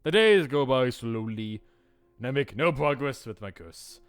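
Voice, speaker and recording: Brief: playful male let's-play host, animated reading, dry close mic, faint music. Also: medium pitch, a little slow. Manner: playful, jokey, laughing asides. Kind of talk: reading and commenting on a visual novel.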